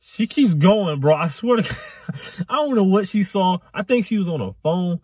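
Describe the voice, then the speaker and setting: A young man recounting a chaotic ride in a rambling storytime vlog. His pitch swoops high and low as he gets worked up, with a husky grain. Close and dry, right on the mic. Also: moderate pace, dry recording. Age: young adult. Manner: animated, rambling, repetitive slang. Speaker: vlogger.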